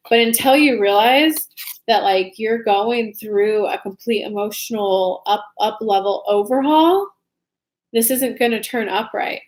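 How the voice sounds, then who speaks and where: A young woman doing a casual, chatty tarot reading livestream from home, talking loosely and informally to her viewers. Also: a little high. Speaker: tarot reader. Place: home room with soft lighting.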